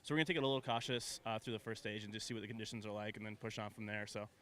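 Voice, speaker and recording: A man, a rally driver, answering interview questions in a relaxed, hesitant way. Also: fairly low pitch, very fast. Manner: relaxed, hesitant, many fillers. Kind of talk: casual interview.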